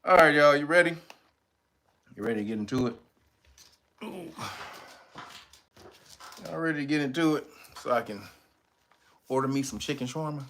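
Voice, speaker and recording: A middle-aged man hosting a casual livestream, loud and joking, laughing often and jumping into high playful voices. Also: normal speed, long pauses, a little hiss or hum. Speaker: livestream host.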